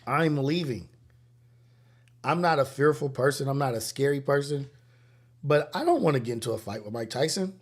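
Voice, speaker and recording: A man's voice: mid-range voice, moderate pace, pauses often. A man in his forties with a Los Angeles accent, hosting a casual livestream chat and telling stories with frequent laughter. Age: 40s. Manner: laughs often, animated storytelling. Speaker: livestream host.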